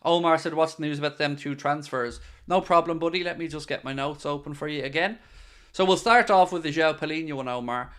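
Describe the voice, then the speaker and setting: A man's voice: on the high side, fairly quick, hardly any pauses, a bit bright, clean tone. Chatty man answering live chat. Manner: chatty, answers viewer comments. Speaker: podcast host reading live chat. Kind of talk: casual live-stream chat.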